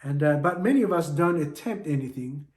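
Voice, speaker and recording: Male preacher, slightly high voice, earnest exhortation, echoey church room. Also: lively intonation, brisk. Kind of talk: sermon.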